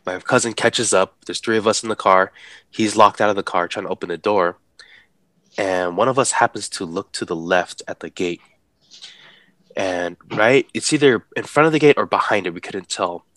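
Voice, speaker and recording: A man telling a story in a relaxed, animated way, acting out the people in it and laughing as he talks. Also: fairly low pitch, normal speed, no echo. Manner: animated, acts out the voices of people in his story; laughs while talking. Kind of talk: casual storytelling.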